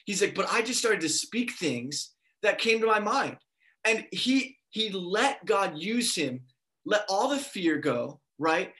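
A man's voice: sits high, slow pace. A young man preaching a sermon, telling a story with energy and acting out the quoted voices. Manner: animated, acts out quoted voices.

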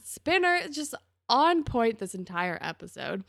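A young woman co-hosting a casual podcast, recapping a TV episode and acting out the characters' lines with big jumps in pitch. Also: sing-song, measured pace, creaky, a bit bright, no room sound, studio quality. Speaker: podcast co-host.

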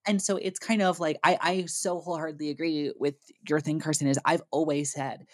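A low-pitched woman co-hosting a podcast, talking casually. She rants emphatically and swears freely, piling on point after point. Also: fairly even intonation, a little fast, a little mellow. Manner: profane, emphatic ranting. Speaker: podcast co-host. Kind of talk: casual chat.

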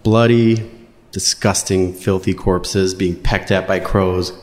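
A man with a fairly low voice tells a personal story on a stage. He is wry and animated and jumps up in pitch when he acts out other people's lines. The sound carries a long, roomy hall reverb. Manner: wry, animated, playing quotes in raised voices.

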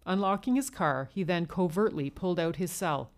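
A woman with a notably low voice narrates an adult short story in the first person. Her reading is cool and measured, with an even, deliberate delivery.

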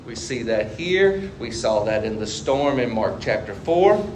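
A man preaching a sermon as a pastor, asking the congregation questions and swinging between loud and quiet passages. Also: medium pitch, a little hiss or hum. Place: church sanctuary.

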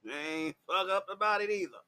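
A man, slightly drunk, tells a raw personal story to camera. His voice sits a little high and sounds bright and sharp, and he laughs loudly and swears constantly. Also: brisk, clean tone. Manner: loud, crude and laughing, swings into high shouting. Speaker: vlogger.

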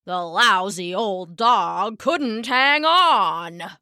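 A woman voicing a grumpy old man with a gruff, shouting manner in a storybook reading. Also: medium pitch, animated, drawn-out words, dry recording, studio quality, full character voice. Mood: grumbling. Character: grumpy old man, a hunter easily angered.

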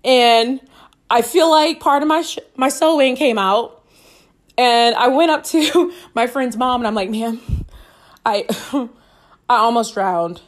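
A woman's voice: high-pitched, unhurried. A woman in her twenties hosting a podcast, telling a personal story casually and acting out her own quoted lines with laughs. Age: 20s. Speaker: podcast host.

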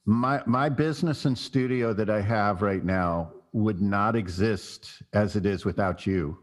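A man who paints signs, hosting a relaxed, casual conversation and rambling a little as he talks. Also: on the low side, measured pace. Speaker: podcast host, sign painter.

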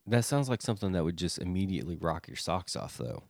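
Man, deep voice, lively pitch, podcast co-host, joking, dry sound. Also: fast, gravelly, no echo. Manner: joking, laughs a lot, lively reactions. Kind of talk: casual chat.

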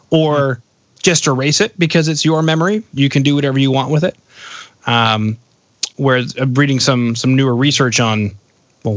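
A man's voice: medium pitch, fairly bright tone, dry recording. A man in his thirties hosting a podcast interview, talking in a rambling, reflective way with jokes mixed in. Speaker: podcast host. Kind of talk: casual interview chat. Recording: dull lo-fi, dry close sound.

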